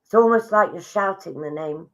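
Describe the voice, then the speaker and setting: A woman's voice: lowish voice, normal speed, lo-fi sound. A woman giving live psychic readings to viewers online, chatty and affectionate, relaying messages she says come from spirits.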